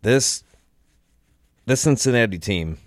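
A man's voice: medium pitch, lively intonation, takes it slowly, dry recording, studio quality. A young man hosting a solo podcast, tired and tipsy, rambling casually and swearing a lot. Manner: rambling, profane, laid-back. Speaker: podcast host.

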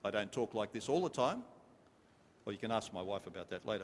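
A man preaches a sermon to his congregation, emphatic and repetitive, pausing to ask them questions. His voice is on the low side with a breathy edge, swinging widely in pitch at a slightly fast pace, and a large hall's long reverb surrounds it.

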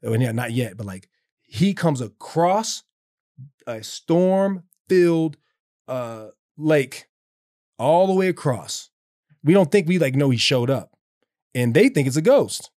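A man's voice: mid-range voice, a little mellow, no echo, clean studio sound. A man talking earnestly about his faith in a casual conversation, rambling with many restarts and fillers. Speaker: guest speaking about faith.

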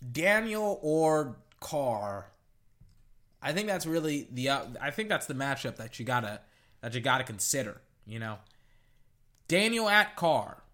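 A young man ranting through his weekend football picks in casual solo commentary, exasperated and jumping up and down in pitch. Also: very animated, moderate pace, long pauses, pushed and bright. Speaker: sports podcaster giving picks. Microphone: echoey metal can around the mic.

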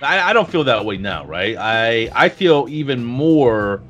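A man's voice: medium pitch, big pitch swings, a bit bright, dull audio. A middle-aged man co-hosting a podcast, talking reflectively in casual chat with frequent restarts. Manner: reflective, halting with restarts and fillers. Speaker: podcast co-host.

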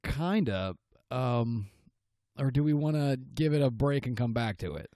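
A man's voice: mid-range voice, lively intonation, unhurried, warm tone, no echo, clean studio sound. A man co-hosting a podcast, cracking wry jokes in casual chat. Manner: wry, joking. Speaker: podcast co-host.

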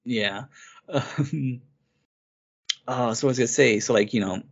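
His voice is medium-pitched, gravelly and a bit breathy, and he takes his time. A podcast co-host, he chats casually about a game, eagerly recounting its story in a rambling fashion over a dull lo-fi recording.

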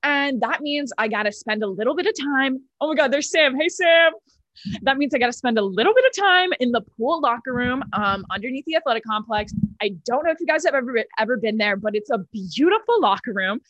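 A woman's voice: high voice, fairly quick, no echo, dull audio. A nineteen-year-old woman hosting a comedy club video call and doing a self-mocking stand-up bit over her laptop mic. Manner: chatty, self-mocking, exaggerated deadpan bragging. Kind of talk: casual chat and stand-up set.

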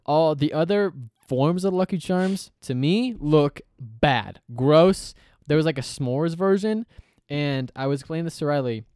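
A playful man rambles and giggles through a casual podcast chat, his slightly high voice bouncing up and down. He is close on a desk mic, and the sound is dry and tight. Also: expressive, unhurried, a little mellow, smooth, no room sound. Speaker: podcast co-host. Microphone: podcast mic on an arm.

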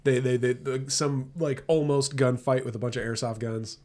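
A man co-hosting a podcast, teasing and tossing in quick remarks in casual chat. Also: mid-range voice, steady tone, darkish tone. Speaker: podcast co-host.

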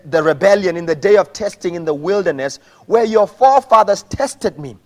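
Male pastor, high voice, animated sermon delivery with shouted peaks. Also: normal speed.

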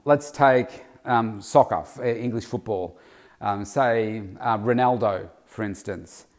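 A man's voice: slow, a little mellow. A man giving a motivational self-help talk, acting out a harsh inner critic. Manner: acts out a harsh inner critic with raised pitch. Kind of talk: motivational monologue.

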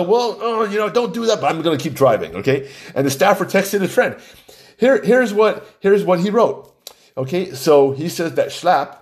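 A man giving opinionated news commentary in a mocking tone, laughing often as he talks. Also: on the high side.

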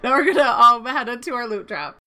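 A woman's voice: fairly high pitch, animated, fast talker, over loud music. A woman hosting a casual gaming podcast, upbeat and giggly as she reads out welcomes. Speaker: podcast host.

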